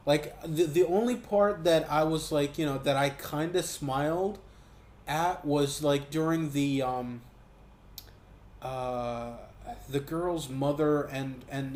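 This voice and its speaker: A man giving a casual, profane movie review, talking in an animated way and mocking what he saw. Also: mid-range voice, reverberant. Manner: profane, animated, quick asides with mocking quoted voices.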